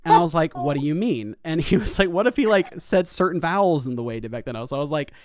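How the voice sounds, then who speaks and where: Lively young man hosting a chat. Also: on the high side, quick pace, no room sound, studio quality. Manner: animated, laughs often, breaks into mock singing. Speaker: host. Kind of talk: casual chat.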